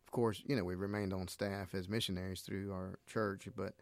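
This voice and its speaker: A middle-aged man from Nicaragua speaks as a missionary guest in a casual faith conversation. He talks earnestly and grows animated when he retells scripture stories. His voice sits fairly low, and the recording is dry and close. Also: moderate pace, no room sound.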